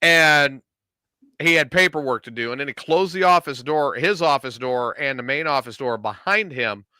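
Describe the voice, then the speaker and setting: A man's voice: mid-range voice, expressive, normal speed, bright, forceful tone, smooth, no room sound. A middle-aged man hosting a casual chat, telling a story and acting out the quotes. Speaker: podcast host telling a story.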